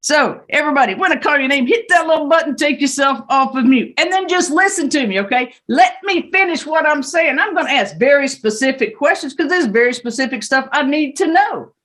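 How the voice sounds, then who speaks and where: Woman, Southern US accent, judge, high voice, brisk, stern, joking, courtroom instructions. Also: a bit bright. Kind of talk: courtroom instructions on a video call.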